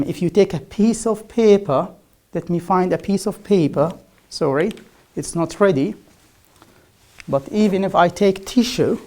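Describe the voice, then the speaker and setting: A woman whose first language is Arabic teaches English pronunciation in an online lecture. She drills the sounds slowly and repeats each one aloud. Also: mid-range voice, darkish tone. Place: remote class, speaking to a camera.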